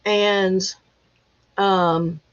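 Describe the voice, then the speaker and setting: A woman hosting a casual livestream chat, talking in an emotional, halting way as she fights back tears. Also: medium pitch, steady tone, smooth. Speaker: livestream host. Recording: dull lo-fi livestream audio.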